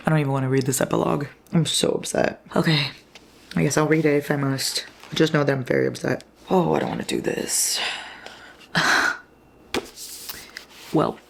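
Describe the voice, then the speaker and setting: A woman in her twenties with a low, gravelly voice rambles through a casual reading vlog. She swears freely, drifts into half-whispered asides, and a faint noise sits behind her. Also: fairly even intonation, normal speed, pauses often. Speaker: book vlogger.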